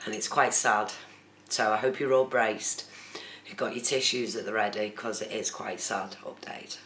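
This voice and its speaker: On a casual phone live stream, the host talks to chat viewers by name in a mid-range voice that's steady yet pushed and bright, at a moderate pace. It's recorded on the phone camera, sounding roomy with a little background noise.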